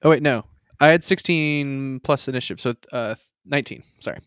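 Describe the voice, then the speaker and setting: A man's voice: mid-range voice, a little fast, smooth, no echo, studio quality. A man playing a tabletop game, chatty and swearing casually. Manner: lively, swearing, laughing. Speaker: player.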